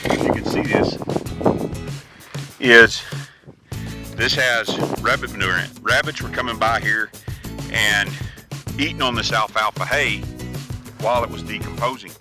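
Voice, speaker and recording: A homesteader, male, shows his outdoor work, explaining it in an easygoing, plainspoken way with frequent restarts. His voice is lowish, and the audio is poor.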